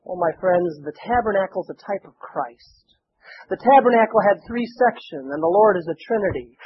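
A man preaching a sermon as pastor, quoting scripture and building in fervor. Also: sits high. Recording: tinny phone-like broadcast with faint noise.

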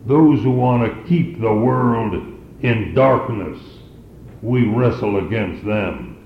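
A man preaching a sermon in a measured, emphatic way, repeating key phrases for weight. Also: mid-range voice, expressive. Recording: roomy, dull lo-fi sound with faint noise.

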